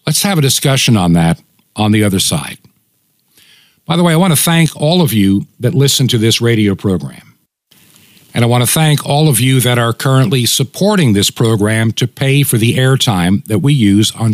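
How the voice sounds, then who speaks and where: A man hosting a radio ministry, speaking earnestly in a weak, tired voice and slowing down to spell out details for listeners. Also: medium pitch, dry recording.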